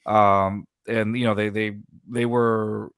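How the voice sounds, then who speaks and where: A man's voice: fairly low pitch, flat delivery, takes it slowly, fairly bright tone, clear, resonant tone, dry recording, studio quality. A man hosting a casual sports podcast, rambling and restarting sentences, laughing often. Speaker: podcast host.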